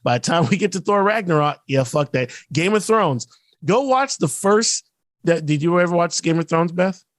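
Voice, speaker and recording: A man co-hosting a podcast, ranting in casual chat and mimicking actors in quick asides. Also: high voice, animated, no room sound, studio quality. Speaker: podcast co-host.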